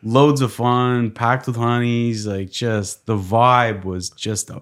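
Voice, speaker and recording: A man as a podcast guest, telling stories in a casual, animated way, often laughing and imitating people. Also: mid-range voice, takes it slowly. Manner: laughing, animated storyteller who mimics people. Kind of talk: casual storytelling.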